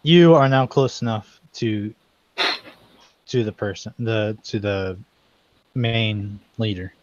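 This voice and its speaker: A man's voice: on the low side, slow, no echo. A man narrating as game master in a tabletop game, loose and full of fillers, on slightly muffled call audio. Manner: loose, hesitant, many fillers.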